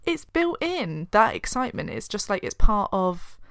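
A woman with a British accent co-hosting a podcast, telling stories in lively casual chat and swearing now and then. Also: medium pitch, moderate pace, creaky, dry recording, clean studio sound. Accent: British English. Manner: animated storyteller, swears casually. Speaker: podcast co-host.

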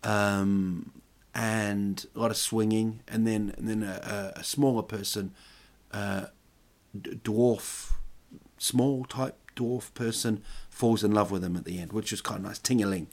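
A man's voice: lowish voice, fairly even intonation, unhurried. A man hosting a podcast, telling jokey stories in a rambling, casual monologue full of restarts. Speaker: podcast host.

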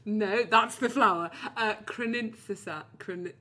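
A woman's voice: medium pitch, a little slow, a crowd in the background. A young British woman co-hosting a podcast, telling a story in casual chat, swearing freely and laughing often. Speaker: podcast co-host.

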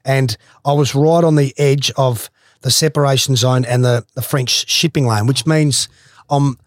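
A man, a former footballer, telling a swimming story in a casual, animated way, swearing freely and laughing as he goes. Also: mid-range voice, measured pace, no echo, studio quality.

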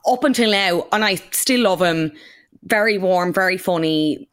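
A woman's voice: fairly low pitch, a bit bright, smooth. A woman hosting a podcast in casual, musing chat with lots of fillers. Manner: chatty, drawn-out musing with fillers. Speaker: podcast host.

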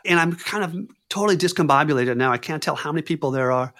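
A man telling a personal story in an animated way, often repeating words and phrases. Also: a little high, fast talker. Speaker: clown performer telling a story.

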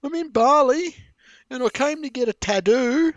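A man's voice: normal speed, fairly bright tone, no room sound, muffled recording. A man putting on a wailing young Aussie woman. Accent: Australian. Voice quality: high, shrill and wailing. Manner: bawling, whiny complaining. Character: weepy young Australian woman tourist, ditzy.

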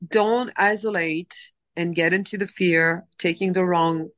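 Animated motivational woman, dry close sound. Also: fairly low pitch, measured pace, no echo. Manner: animated, motivational, acts out inner voices. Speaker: guest, dubbing producer. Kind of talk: casual podcast interview.

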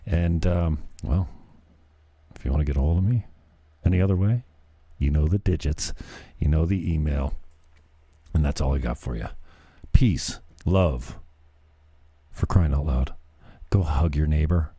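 Stammering earnest man, dark voice. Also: low-pitched, expressive, normal speed, long pauses, no room sound. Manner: stammering, repeats words, earnest. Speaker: podcast host. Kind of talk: casual chat.

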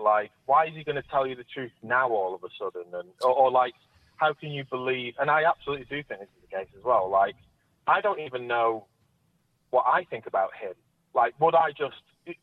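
A man's voice: mid-range voice, no echo. Brief: male guest on a remote call, candid and hesitant, phone-quality audio. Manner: candid and searching, trails off mid-thought. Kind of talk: candid personal conversation. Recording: tinny dry phone-like line.

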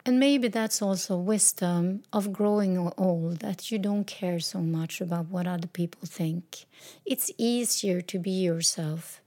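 A woman in her fifties giving a slow, reflective personal talk, speaking openly and emotionally. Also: on the low side, dark tone.

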